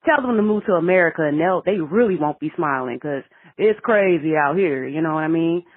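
Caller: chatty woman, husky voice, tinny phone sound, giggles through her fillers. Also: deep voice, lively intonation, brisk. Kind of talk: voicemail to a podcast.

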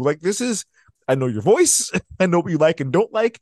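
A man's voice: high voice, very animated, fairly quick, darkish tone, no room sound, studio quality. A man co-hosting a casual podcast chat, swearing and laughing as he rants. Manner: profane, laughs while ranting. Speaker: podcast co-host.

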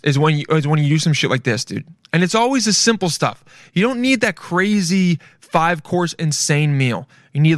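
A man's voice: a little high, no echo, clean studio sound. A young man in a casual, joking reaction commentary, swearing freely and calling everyone dude. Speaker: commentary host.

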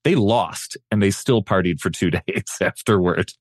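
Male podcast co-host, lowish voice, wry and easygoing, dry sound. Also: moderate pace, dry recording. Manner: easygoing, hesitant restarts, wry. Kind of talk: casual chat.

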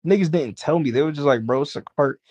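A man's voice: fairly high pitch, fast talker, a little mellow, slightly rough, dry recording, highs cut off. A man from Boston, a rapper and producer, chatting casually as a guest in a laid-back, slangy way. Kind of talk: casual chat.

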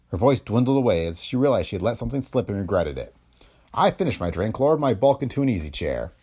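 A man's voice: fairly low pitch, very animated, fast talker, a little mellow, husky. A man narrating a first-person pulp detective story in a wry, slangy, hardboiled manner. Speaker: audiobook narrator.

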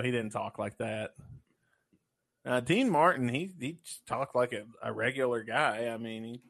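A man co-hosting a casual chat, reading trivia questions and joking crudely with lots of swearing. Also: mid-range voice. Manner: crude, loud and jokey, with profanity; reads trivia questions out slowly. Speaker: podcast co-host.

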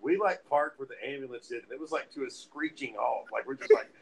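A man's voice: medium pitch, gravelly, low-quality recording. Profane man telling a wild story. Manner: profane, animated retelling with acted-out quotes. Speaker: storyteller among friends. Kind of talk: casual storytelling chat.

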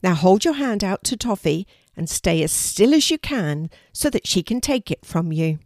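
A woman voicing a friendly farm owner who gently explains how to feed a pony. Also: medium pitch, big pitch swings, moderate pace, no echo, studio quality. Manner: gentle and instructive.

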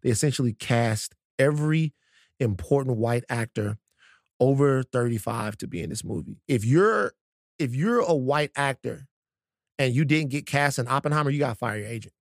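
A man in his thirties hosting a podcast, talking in an animated, joking and profane way. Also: medium pitch, moderate pace, creaky, no room sound, studio quality. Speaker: podcast host. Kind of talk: casual chat.

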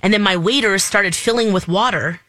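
Bright-voiced woman telling a story. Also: medium pitch, moderate pace, no room sound. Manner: chatty, rambling, laughs often. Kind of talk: casual storytelling.

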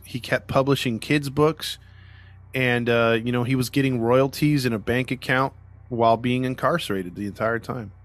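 A man's voice: mid-range voice, dry recording. A man hosting a podcast, telling a true-crime story in casual chat with lots of fillers and sarcastic asides. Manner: rambling, frequent "you know" fillers and restarts. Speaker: podcast host.

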